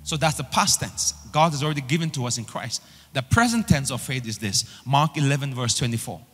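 A male pastor delivering a sermon, emphatic and repetitive, pushing phrases up in pitch as he builds. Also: lively intonation, fairly quick, long reverb tail, soft background music. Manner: emphatic preaching with repeated rising phrases.

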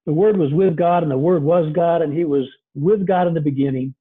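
Husky pastor over a tinny video call. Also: male voice, a little high, a little fast. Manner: conversational, earnest, many fillers.

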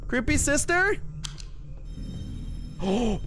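A man's voice: high voice, measured pace, long pauses, soft background music. A man streaming a horror game, talking to his chat and shrieking whenever something scares him. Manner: excitable, shrieks when scared. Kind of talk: live gameplay commentary.

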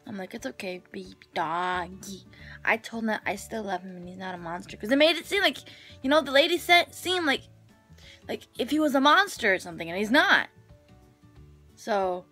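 A woman's voice: medium pitch, bright, forceful tone. A woman vlogger casually recapping her day to camera in a rambling, filler-heavy way.

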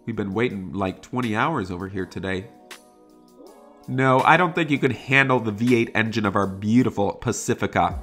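A man narrating a game roleplay as an excited family dad, bossing his kids and scolding strangers. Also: fairly low pitch, moderate pace, soft background music.

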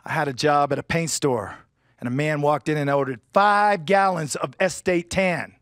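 A man's voice: fairly high pitch, normal speed, a bit bright, no room sound. A man performing a stand-up comedy set on stage, with punchy delivery and silly character voices. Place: stage before a live audience.

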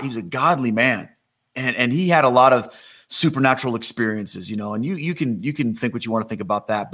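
A middle-aged man preaching a sermon in a conversational, animated storytelling manner, acting out quotes. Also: mid-range voice.

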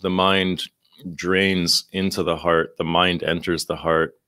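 Male podcast guest, deep and dry, thoughtful with lots of restarts. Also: level tone, slow, bright, forceful tone, smooth, no room sound. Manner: reflective, with many restarts and fillers. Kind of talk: casual podcast conversation.

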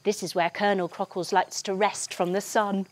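A woman's voice: medium pitch, flat delivery, normal speed, slight background noise. A woman leading a children's yoga lesson as a story. She talks in a bubbly, encouraging, sing-song way. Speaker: kids' yoga teacher and storyteller.

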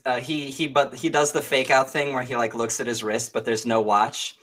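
A tabletop player speaking slowly and deliberately, half in character with a mock-refined manner. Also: mid-range voice, fairly bright tone.

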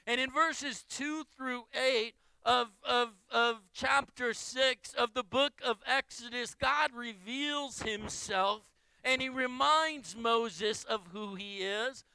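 A man's voice: extremely high pitch, slow pace, creaky, pushed and bright, clean tone, dry recording, poor audio. A male pastor preaching a sermon with emphatic phrases that he repeats in building lists.

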